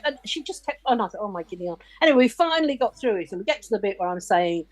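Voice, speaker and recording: A woman, a guest on a video call, telling stories in a lively way and acting out the people in them. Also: medium pitch, very fast, hardly any pauses. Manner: lively storyteller who acts out the people in her stories. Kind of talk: casual chat, telling stories.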